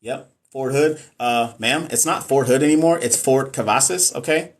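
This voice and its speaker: Man, casual live-stream host, chatty, joking, medium pitch. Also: moderate pace. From Texas. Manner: chatty, jokey, reads and answers viewer comments. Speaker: nurse educator hosting a live stream.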